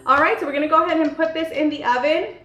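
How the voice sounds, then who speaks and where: A woman's voice: high-pitched, racing, a bit bright. Chatty woman demonstrating a recipe. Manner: chatty, teasing, with many fillers. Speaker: cooking channel host. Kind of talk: casual cooking demonstration. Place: home kitchen. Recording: echoey kitchen, faint music.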